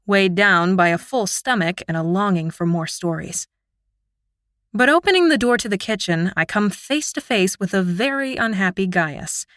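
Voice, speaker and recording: Woman narrator for a fantasy audiobook, expressive, medium pitch, dry close recording. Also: no echo. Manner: expressive, emotional reading. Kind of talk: first-person fantasy narration.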